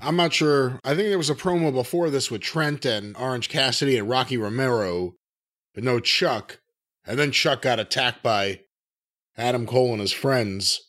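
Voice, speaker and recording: A man's voice: medium pitch, moderate pace, fairly bright tone. A man co-hosting a wrestling podcast, talking in a dry, matter-of-fact way and reading off figures. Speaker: podcast co-host. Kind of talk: casual wrestling chat.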